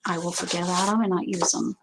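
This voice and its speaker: A woman's voice: lowish voice, steady tone, fast, vocal fry. A woman hosting a crafting video, chatting casually to viewers and thinking aloud as she sorts paper. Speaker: craft channel host. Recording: noticeable background noise.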